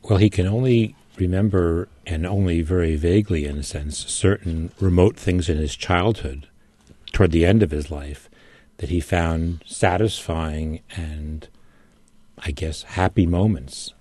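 A man as a radio guest, talking through a novel in a measured way while searching for words. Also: low-pitched, warm tone. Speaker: studio guest. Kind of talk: literary discussion on radio.

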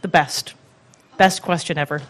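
A woman telling a funny personal story live on stage with animated, self-deprecating comic timing, into a stage microphone. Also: low-pitched, moderate pace. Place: live stage before an audience.

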